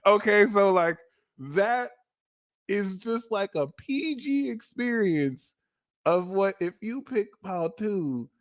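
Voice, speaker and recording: A young man doing a live tarot reading, telling stories in a casual, slangy way and now and then bursting into loud acted-out lines. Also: sits high, takes it slowly. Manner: animated, slangy, swings into loud acted-out exclamations. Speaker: tarot reader.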